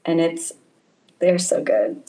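A middle-aged woman missionary talking casually as an interview guest, laughing often and filling pauses with ums. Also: deep voice, lively intonation, low-quality recording. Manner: warm, laughs often, many ums and restarts. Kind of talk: casual conversation. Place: home in Italy, over a call.

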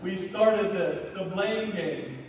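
A high-voiced man preaches in a loose, conversational way, often tagging "right?" onto his lines. He sounds distant from the mic, with heavy hall reverb and a faint hiss behind him. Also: lively intonation, slow pace. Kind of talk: sermon. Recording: echoey hall from far off with faint noise.

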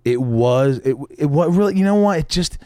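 A man, a guest on a podcast, telling a story in a lively way, acting out the voices of the people in it and swearing casually. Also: on the high side, moderate pace, smooth, no room sound, studio quality. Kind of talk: animated storytelling with acted-out quotes.

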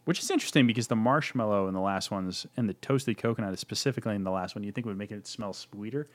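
A man's voice: lowish voice, fast talker. A man from Virginia co-hosting a casual beer tasting chat, joking and rambling, swearing casually. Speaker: beer review podcast co-host.

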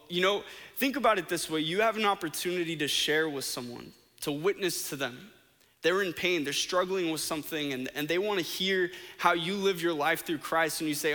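Man, sermon, earnest and conversational, bright forceful voice, slightly high, long reverb. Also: normal speed. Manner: earnest, conversational, with fillers and restarts. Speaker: preacher.

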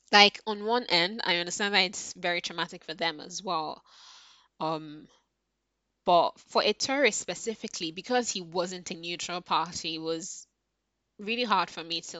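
A woman's voice: on the low side, expressive, unhurried, pauses often, bright, forceful tone, no echo. A woman ranting casually about a book she read, heated and exasperated, swearing often, with many fillers. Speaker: book reviewer. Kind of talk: casual book review rant.

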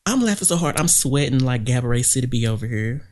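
A woman's voice: extremely low pitch, lively intonation, quick pace, a little mellow. A woman co-hosting a casual gossip podcast, blunt and slangy as she tells the story. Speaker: podcast co-host.

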